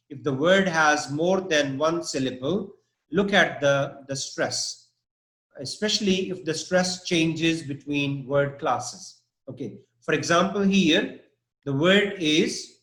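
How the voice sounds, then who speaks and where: A male English teacher gives a live online vocabulary lesson, speaking at a slow, deliberate pace and often checking in with his class. His voice sits a little high for a man, and the recording has a noticeable room echo. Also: a bit bright. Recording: echoey room.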